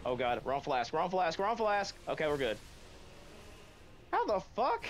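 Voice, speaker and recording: A man playing a co-op game at home with friends, excitable, swearing and yelling at the screen. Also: on the high side, a little slow, faint music behind. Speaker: gamer. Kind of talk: casual co-op gaming chat. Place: room at home.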